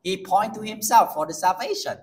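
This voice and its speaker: A male pastor with a Vietnamese accent preaching a sermon in non-native English, slow and emphatic. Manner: slow, emphatic preaching with lively pitch swings.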